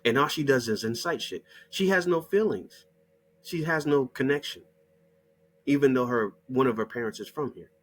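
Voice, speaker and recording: A middle-aged man with a medium-pitched, slightly bright voice hosts a channel. He delivers a heated, mocking monologue packed with swearing.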